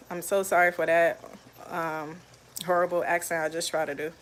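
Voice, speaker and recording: A woman's voice: on the low side, flat delivery, a little slow. Chatty woman cooking live for viewers. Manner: chatty, talks straight to viewers, reads out comments. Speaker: cooking livestream host. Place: home kitchen.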